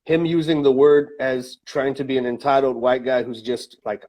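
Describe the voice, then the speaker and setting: A man's voice: medium pitch, steady tone, normal speed, few pauses, darkish tone. A man co-hosting a casual podcast, talking through his opinions with lots of fillers and restarts. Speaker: podcast co-host.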